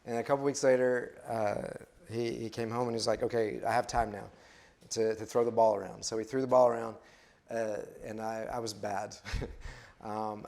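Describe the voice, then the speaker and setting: A man in his fifties from West Texas, a missionary telling his own life story in a sermon, with many fillers and restarts. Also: medium pitch. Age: 50s. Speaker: missionary speaker. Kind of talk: personal testimony in a sermon.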